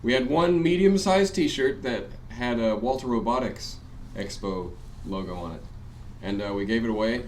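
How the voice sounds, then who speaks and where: Casual male podcast host, mid-pitched, easy and chatty. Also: normal speed, a little hiss or hum. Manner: chatty, laughs often. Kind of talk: casual live-stream chat. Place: hotel room.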